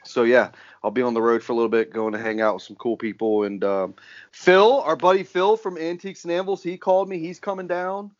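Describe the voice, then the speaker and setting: A man's voice: mid-range voice, steady tone, fairly quick. Man, podcast host, casual profane chat, slightly dull audio. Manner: loose, profane, joking.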